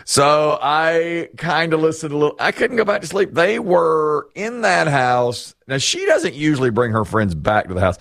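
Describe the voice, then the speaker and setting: Middle-aged guy host, animated self-mocking storyteller, pitch all over the place. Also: moderate pace, vocal fry, hardly any pauses, no echo, clean studio sound. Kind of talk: casual chat.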